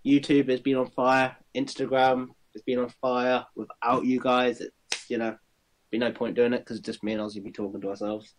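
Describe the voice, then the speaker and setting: A man chatting on a podcast, with a casual, sweary way of talking. He gets upbeat when he thanks the listeners and plugs the show. His voice is an everyday mid-pitched one. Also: level tone, normal speed, a little hiss or hum. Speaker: podcast co-host. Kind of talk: casual chat.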